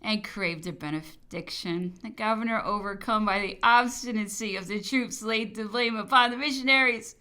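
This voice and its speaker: A woman narrating a historical memoir as an audiobook, in a measured, formal storytelling manner. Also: medium pitch, sharp tone. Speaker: audiobook reader.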